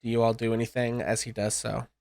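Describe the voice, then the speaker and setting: A man running a tabletop game as game master, narrating in a loose, halting way with fillers. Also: mid-range voice, flat delivery, creaky, darkish tone, no echo.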